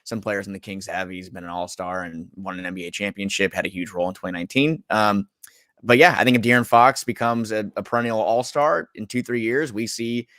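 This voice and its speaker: A low-voiced man hosts a sports talk show. He chats loosely, with plenty of fillers, and the studio sound is dry and close. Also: brisk, a bit bright, dry recording. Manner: casual, rambling, with fillers. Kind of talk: sports radio discussion.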